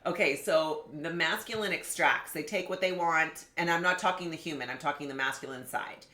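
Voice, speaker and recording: Woman business coach, low and bright voice, lively and conversational, roomy sound. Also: brisk. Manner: animated, conversational, addresses viewers directly. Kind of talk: live online masterclass teaching.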